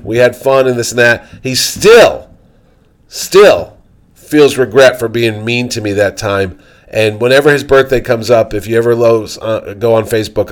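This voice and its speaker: A man hosting a podcast tells a story casually, animatedly acting out the voices of the people in it. His voice sits in the mid-range.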